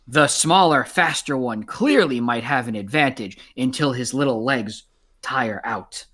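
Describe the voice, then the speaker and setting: A man voicing a band of dim, blunt male goblins who speak in loud, stiff, formal sentences. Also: medium pitch, a little slow. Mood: smug.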